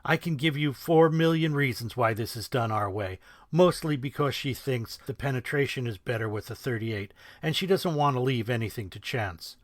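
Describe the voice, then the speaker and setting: A man's voice: mid-range voice, normal speed, no echo, studio quality, close to an everyday voice. A man doing a crude taunting mob fixer. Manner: gruff, taunting, chuckling. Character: menacing male mob fixer, smug and crude.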